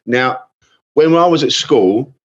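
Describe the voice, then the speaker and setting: A man's voice: mid-range voice, expressive, slow pace, highs cut off. A man in his fifties, a comedian guest telling rambling anecdotes in casual podcast chat, often restarting and swearing.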